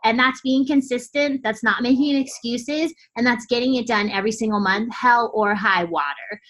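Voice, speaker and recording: A woman's voice: fairly high pitch, normal speed, a bit bright, low-quality recording. A woman coach giving a motivational team training talk, fired up and blunt, casual with swearing and lots of "like" fillers.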